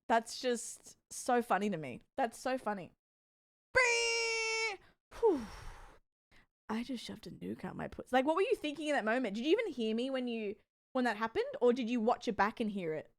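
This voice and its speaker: A woman's voice: fairly high pitch, expressive, moderate pace. A young woman streaming, chatting casually with her viewers, giggly and rambling, blurting out crude jokes. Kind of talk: casual livestream chat.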